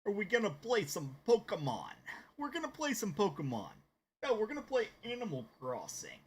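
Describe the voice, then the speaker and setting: A man putting on a deadpan, mock-serious announcer voice. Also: high voice, moderate pace, husky, voice pushed up, heavily acted. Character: deadpan, self-assured male celebrity voice.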